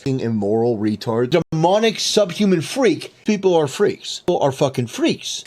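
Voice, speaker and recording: A man with a somewhat high voice rants through a string of online commentary clips. Every line is a short, contemptuous jab delivered with open scorn. The tone is clipped and dismissive throughout. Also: sing-song, moderate pace, few pauses, darkish tone. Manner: contemptuous, clipped name-calling. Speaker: YouTube commentator.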